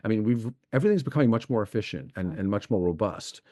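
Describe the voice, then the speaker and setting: A man's voice: on the low side, lively intonation, fast, dark tone, dry recording, clean studio sound. A middle-aged man, an investment executive talking as a podcast guest, explaining eagerly and piling up examples. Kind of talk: podcast interview.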